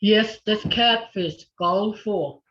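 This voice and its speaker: A woman's voice: medium pitch, slow, fairly bright tone. A woman teaching a language class over a video call, patiently repeating words for her students to echo. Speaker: language instructor. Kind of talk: online language lesson. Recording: dull lo-fi video call audio.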